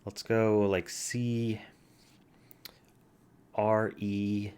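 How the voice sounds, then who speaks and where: A man with a soothing, slightly low voice chats easygoingly at home, sitting a bit back from his computer mic. He plays a word game and talks softly to the cat in his lap now and then. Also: flat delivery, very slow, a little hiss or hum. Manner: soft, easygoing, chatting to his cat in a babying voice at times. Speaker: vlogger. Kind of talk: casual chat while playing a word game. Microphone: computer mic from farther back than usual.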